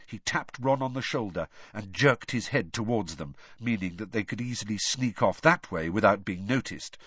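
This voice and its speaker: A man narrating an audiobook with an expressive, varied storytelling delivery. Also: on the low side, normal speed, breathy edge, no echo. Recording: dull lo-fi dry audio.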